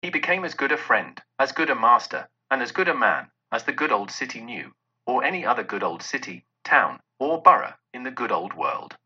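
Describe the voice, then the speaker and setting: A man narrates a storybook with expressive drama. His pitch rises and falls a lot over a bright, husky tone. The recording sounds dull and lo-fi. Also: normal speed. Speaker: reader.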